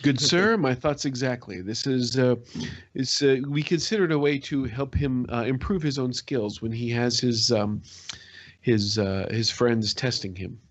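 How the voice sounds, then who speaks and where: A man's voice: medium pitch, fairly even intonation, unhurried. A man taking part in a casual tabletop game as a player, jokey and hesitant, often repeating himself.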